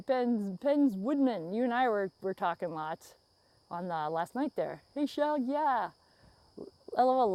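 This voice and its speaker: A livestream host from the United States chats casually and ramblingly in the woods, speaking into a phone earbud used as a mic, frequently laughing as she reads out viewer comments. Her medium-pitched voice has a darkish tone, and there's no echo.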